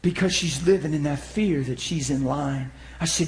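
A man preaching a sermon, telling stories and acting out the voices of the people in them, swinging from loud outbursts to hushed tones. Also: on the high side, moderate pace, noisy background. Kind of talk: sermon storytelling. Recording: echoey room.

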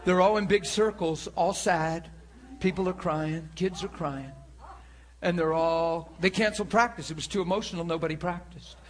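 A man's voice: high-pitched, steady tone, normal speed, a faint crowd. A middle-aged male pastor preaching from the pulpit, telling a story with a rambling, self-amused manner. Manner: rambling, laughing at himself. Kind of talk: storytelling sermon. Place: church pulpit.

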